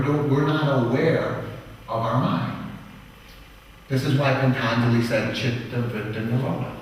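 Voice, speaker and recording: A man's voice: medium pitch, slight background noise. A man teaching yoga in a lecture to a live audience, blunt and profane, acting out little quoted voices as he goes. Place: yoga studio hall. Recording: echoey hall recorded from far off.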